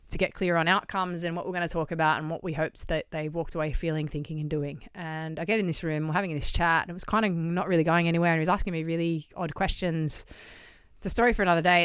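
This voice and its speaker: A middle-aged Australian woman, a charity founder, telling a long story on a podcast in a lively, anecdotal way, acting out the dialogue and swearing casually. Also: low-pitched, clear, resonant tone, no room sound. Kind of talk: conversational storytelling. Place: podcast studio.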